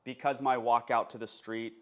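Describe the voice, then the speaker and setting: A man's voice: mid-range voice, little pitch movement, normal speed. A man in a mid-range voice delivers a casual, unscripted lesson as a dog trainer. He speaks emphatically and keeps checking in with his listeners as he goes. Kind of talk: casual instructional monologue.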